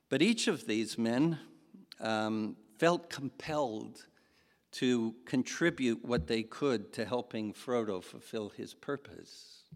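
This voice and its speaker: Slow-speaking male preacher in a reverberant hall. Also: medium pitch. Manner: slow, halting storytelling with acted-out quotes. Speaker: pastor. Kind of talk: sermon.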